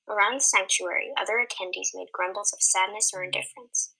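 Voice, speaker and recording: A woman co-hosting a podcast, reading a fantasy story aloud in a steady, measured way. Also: mid-range voice, gravelly, husky, rough recording. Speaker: podcast co-host and story reader.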